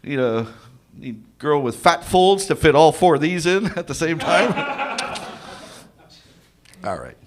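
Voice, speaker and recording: A man's voice: a little high, sing-song, slight background noise. A man doing a rambling, self-deprecating stand-up set on an open-mic stage. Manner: slow, rambling, self-deprecating delivery in a cow costume. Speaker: stand-up comic. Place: comedy club stage.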